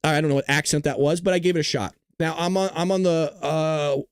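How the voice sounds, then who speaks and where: A man's voice: a little high, fairly even intonation, fast, clean tone, dry recording. A man from Southern California with a Southern Californian accent hosting a livestream, joking and rambling on a close mic. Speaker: host. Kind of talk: livestream commentary.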